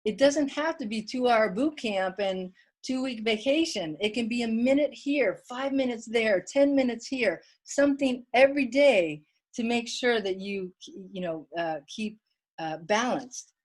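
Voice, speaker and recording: A woman's voice: a little high, unhurried. A woman giving an online wellness workshop talk from home, chatty and plain-spoken, reading viewer comments aloud.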